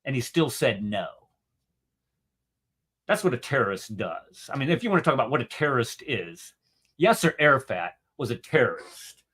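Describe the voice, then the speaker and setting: A man's voice: mid-range voice, moderate pace, slightly rough. Argumentative man hosting a debate show. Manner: argumentative, animated, acts out quotes. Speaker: host. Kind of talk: casual debate chat.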